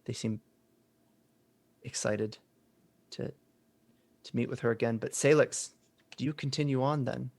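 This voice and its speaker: A man narrating a tabletop role-playing game as game master, relaxed and asking the players what they do. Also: mid-range voice, a little slow, creaky, pauses often, no room sound. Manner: relaxed, asks players questions.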